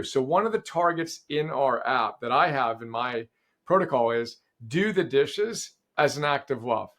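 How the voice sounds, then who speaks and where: A middle-aged man as a podcast guest in casual conversation, animated and enthusiastic, often quoting sayings. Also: fairly high pitch.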